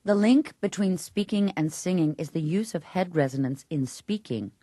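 A woman's voice: fairly low pitch, expressive, normal speed, dark tone, dry recording, clean studio sound. A woman who teaches voice, explaining technique in an interview and breaking into short sung examples. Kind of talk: interview with sung and spoken vocal demonstrations.

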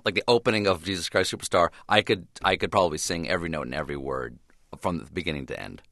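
A male guest in a radio interview, thoughtful, trailing off quietly and restarting, with sudden quick bursts. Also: sits low, dry recording, clean studio sound.

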